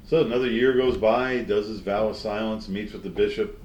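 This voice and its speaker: Joke-telling comedian man, low voice. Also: fairly even intonation, brisk, a little mellow, echoey room, highs cut off. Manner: folksy joke-teller, slips into character voices. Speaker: comedian guest. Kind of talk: telling old jokes in an interview.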